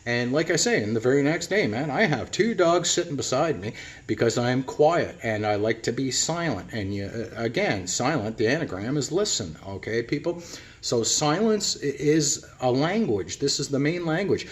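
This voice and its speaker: A man's voice: mid-range voice, expressive, moderate pace. A middle-aged man giving a rambling casual monologue to his viewers, often calling them "people" and repeating his words. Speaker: vlogger.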